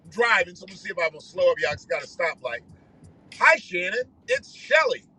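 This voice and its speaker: A man's voice: on the high side, rapid-fire, bright, forceful tone, slightly rough, rough recording. A man ranting profanely on a livestream while driving his car. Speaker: livestream host. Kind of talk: casual ranting monologue.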